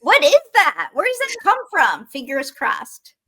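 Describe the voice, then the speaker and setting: A woman with a Minnesotan accent, an author chatting as a podcast guest. Her voice is high and bright, and her tone stays upbeat. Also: wildly swooping pitch, a little slow. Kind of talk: casual chat.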